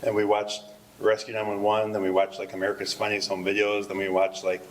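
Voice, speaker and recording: Rambling low-voiced man giving a eulogy. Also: completely flat delivery, brisk, slight background noise, rough recording. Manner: rambling, conversational, with frequent fillers and laughs. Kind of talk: memorial speech with anecdotes. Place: memorial service hall.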